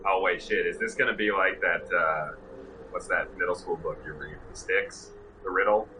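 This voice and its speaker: A man's voice: low-pitched, moderate pace, noisy background. A man playing a tabletop game, joking and teasing the game master. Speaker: player. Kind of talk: casual banter at a game table.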